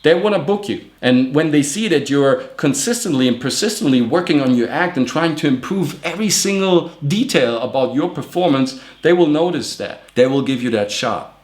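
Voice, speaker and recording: A man who grew up in Germany, an acting coach giving an energetic, emphatic motivational talk that drives points home through repetition. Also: fairly high pitch, moderate pace, few pauses, echoey room.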